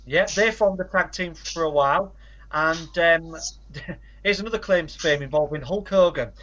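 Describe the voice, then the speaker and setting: This podcast co-host, a man whose voice sits somewhat high with a touch of brightness, talks at a moderate clip as he lists facts and titles with dry side remarks. The audio is muffled and lo-fi.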